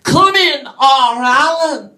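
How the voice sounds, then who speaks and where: A man impersonating a cheery middle-aged female dating-show hostess, with chirpy, drawn-out introductions. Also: very high-pitched, lively intonation, bright, forceful tone, exaggerated voice.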